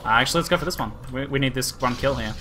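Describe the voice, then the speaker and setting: An Australian man giving live gameplay commentary, excitable and quick to laugh and swear. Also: mid-range voice, background noise. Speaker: streamer.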